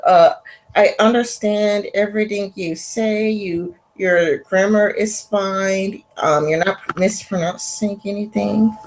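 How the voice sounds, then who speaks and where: A woman's voice: medium pitch, fairly even intonation, slow pace, a little hiss or hum, poor audio. A woman interviewing a guest, chatting casually and filling her speech with "like" and "kinda like". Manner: chatty, many fillers like "like" and "kinda".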